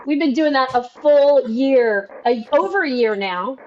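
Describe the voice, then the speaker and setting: A woman with a Southern US accent, co-hosting a podcast over a video call in a casual, animated way. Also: high-pitched, unhurried, dull audio, a little hiss or hum. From Nashville, US South. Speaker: podcast co-host. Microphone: remote video call.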